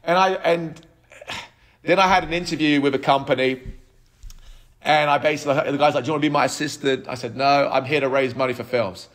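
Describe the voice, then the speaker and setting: A man in his thirties, a podcast guest telling his life story in an animated way, with frequent restarts. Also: fairly high pitch, a little fast. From United Kingdom. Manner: animated, acts out quoted dialogue, frequent restarts. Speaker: podcast guest, app co-founder.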